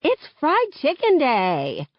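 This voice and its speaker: A woman voicing a blunt, defensive teenage girl who bursts out loudly and in disbelief. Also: high voice, huge pitch swings, slow, no echo, pitched above the performer's own voice, heavily acted. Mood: dismissive. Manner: loud, incredulous outbursts. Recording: dull, muffled audio.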